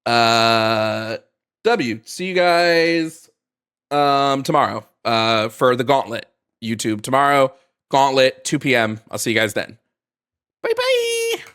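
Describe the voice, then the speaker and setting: A man's voice: medium pitch, slow pace, fairly bright tone, smooth. A man hosting a live call-in debate stream, talking loosely and casually with fillers. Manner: loose and chatty, lots of ums and restarts.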